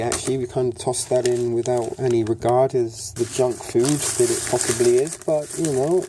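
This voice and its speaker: A chatty English man with a gravelly, creaky voice talks through a how-to demonstration, rambling and tossing in cheeky, self-mocking asides. Loud crinkling and rustling of plastic bags sits right under his voice. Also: medium pitch. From England. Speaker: prepping channel host. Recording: bag crinkling noise over the voice.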